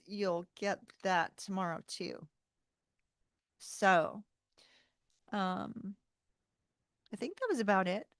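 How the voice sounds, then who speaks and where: Chatty livestream host with a gravelly edge. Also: female voice, medium pitch, dry recording, studio quality. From North Carolina, US. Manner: chatty, warm-hearted, laughs often, says y'all. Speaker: tarot channel host. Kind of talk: casual livestream chat.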